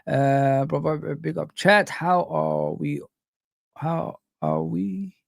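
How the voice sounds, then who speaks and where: A man hosting a casual livestream, chatting lively and reading out and greeting his chat. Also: a little high, slow, gravelly, dry recording, clean studio sound. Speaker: livestream host.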